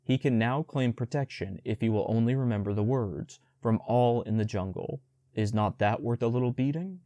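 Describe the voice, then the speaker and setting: A man voicing a gruff old male bear who is a stern teacher, reading a storybook audiobook in a slow, earnest, lecturing way. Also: mid-range voice, mellow, no room sound, close to an everyday voice.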